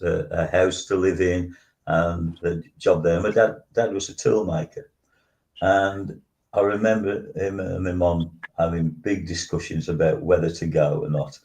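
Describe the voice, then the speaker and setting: Deep-voiced older man, halting. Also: warm tone. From West Midlands, England. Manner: halting, with frequent restarts and ums. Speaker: radio show host. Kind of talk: casual reminiscing chat.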